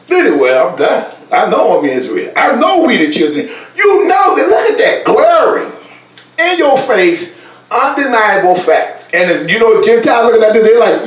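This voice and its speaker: A man's voice: high-pitched, very animated, moderate pace, echoey room, distant mic, poor audio. A man teaching a Bible lesson from slides in an emphatic, colloquial way, speaking straight to his listeners.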